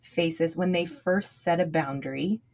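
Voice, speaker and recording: A woman's voice: fairly low pitch, moderate pace, a little mellow. A woman co-hosting a podcast, talking in an earnest, reflective way and asking questions. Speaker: podcast co-host. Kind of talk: casual chat.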